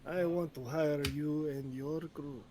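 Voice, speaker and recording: A man voicing a hulking, menacing male crime boss who speaks in slow, clipped, broken English. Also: on the high side, steady tone, heavy background noise. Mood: cold menacing.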